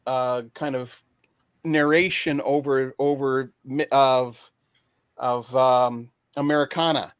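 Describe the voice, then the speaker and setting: A man's voice: mid-range voice, steady tone, slow pace, clear, resonant tone, no echo. A man from Canada, a guest on a casual online panel chat, talking hesitantly with many fillers and restarts. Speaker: guest picking favorite films.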